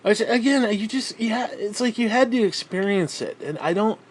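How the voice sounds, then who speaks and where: A man's voice: high voice, expressive, moderate pace, slight background noise. A man from New York State ranting bitterly and swearing constantly in a vlog, still out of breath as he talks. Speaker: vlogger.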